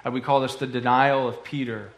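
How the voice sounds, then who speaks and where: Male pastor, earnest conversational sermon, mid-pitched voice, echoey room. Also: flat delivery, brisk. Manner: earnest, conversational preaching with frequent "uh" fillers.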